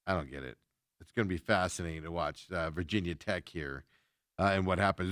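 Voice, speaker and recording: A man's voice: fairly low pitch, fairly bright tone, no echo, studio quality. A man hosting a sports talk show, chatting casually with lots of fillers as he reacts to viewer comments.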